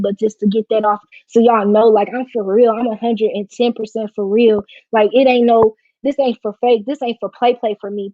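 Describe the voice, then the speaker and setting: A woman's voice: a little high, warm tone, no room sound. A woman hosting a casual live stream, talking in a heartfelt, slangy way while close to tears. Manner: emotional and heartfelt, slangy and informal. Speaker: livestream host. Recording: dry, slightly dull lo-fi stream audio.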